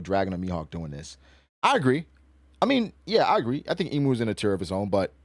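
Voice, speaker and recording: Animated slangy man ranting to his chat. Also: lowish voice, dry recording, studio quality. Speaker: streamer reacting to a comic chapter and reading chat. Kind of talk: casual reaction stream chat.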